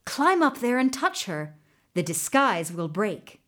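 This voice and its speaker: A woman storyteller voices a faithful talking horse, earnest and unhurried, in a spoken folktale. Its words come slow, with a lively rise and fall. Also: medium pitch. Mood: urgent. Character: talking horse, loyal male steed.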